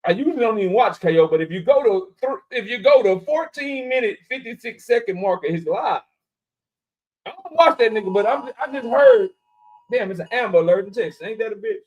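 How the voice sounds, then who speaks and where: A young man with a high voice runs a casual livestream and calls out one viewer after another by name. He jokes, cusses freely and riffs with his chat in loud, loose banter. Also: big pitch swings, brisk, lo-fi sound. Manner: loud, joking shout-outs to chat, profane. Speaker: livestream host.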